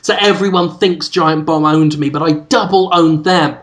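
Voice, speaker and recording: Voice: medium pitch, fairly even intonation, normal speed. A podcast co-host talking in a chatty, self-deprecating way with many fillers. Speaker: podcast co-host, games journalist. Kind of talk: casual podcast banter.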